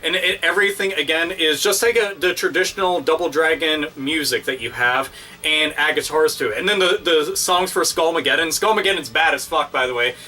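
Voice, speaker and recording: A man hosting his own video, ranting casually and excitedly with constant swearing and crude exaggeration. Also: a little high, fairly quick, distant mic. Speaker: video host. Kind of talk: casual profane rant.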